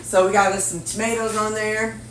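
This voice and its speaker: A woman's voice: mid-range voice, flat delivery, fairly quick, a little hiss or hum. Missouri lady chatting while she cooks, kinda far from the mic, echoey kitchen, pots clinking. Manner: folksy, talks to herself while measuring and cooking. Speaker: cooking vlogger. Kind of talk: casual cooking chat. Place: home kitchen. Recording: roomy kitchen, mic at a distance. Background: clinking dishes and cutlery.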